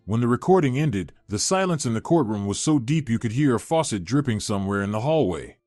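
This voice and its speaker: A man narrating a scripted first-person drama story in an expressive, dramatic way. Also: mid-range voice, brisk, no echo, soft background music.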